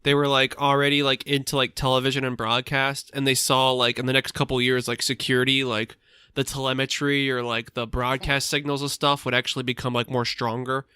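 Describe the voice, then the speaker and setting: A young man muses on a podcast, winding through his thoughts with constant "like." His voice is bright and crisp, recorded close and dry. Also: mid-range voice, little pitch movement, brisk, no echo. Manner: rambling, lots of "like". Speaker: podcast co-host. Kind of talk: casual chat.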